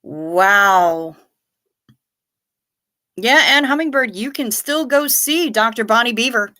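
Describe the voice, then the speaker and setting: A middle-aged woman hosts a livestream, chatting casually and tossing dry, sardonic remarks as she reads viewer comments aloud. Her voice is on the high side, expressive, bright, and forceful, with a slow pace.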